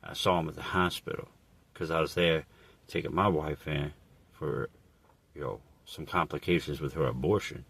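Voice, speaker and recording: Deep husky man rambling a profane story. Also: steady tone, moderate pace, fairly bright tone. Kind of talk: absurd improvised comedic monologue.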